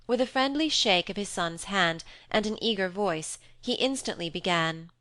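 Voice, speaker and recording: Her mid-range voice carries an audiobook narration at a steady, even storytelling pace. There's no room sound in the recording.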